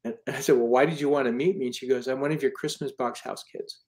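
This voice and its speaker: A man's voice: medium pitch, steady tone, fast, darkish tone. A man in his fifties, an author and charity founder, telling stories in a casual interview in an earnest, rambling way. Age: 50s. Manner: earnest, rambling with restarts and fillers.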